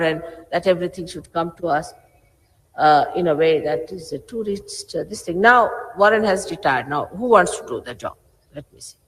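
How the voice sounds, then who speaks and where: A woman in her sixties, a spiritual teacher addressing her followers in a stern, scolding manner. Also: lowish voice. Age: 60s. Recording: roomy archive recording with long hall reverb.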